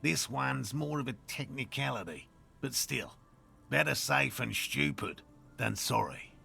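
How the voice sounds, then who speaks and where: A man's voice: mid-range voice, lively intonation, a little slow, creaky, bright, forceful tone, slightly rough, heavily acted. An actor playing a pompous, self-assured male cryptozoologist in a video game, with an Australian accent and a lecturing manner.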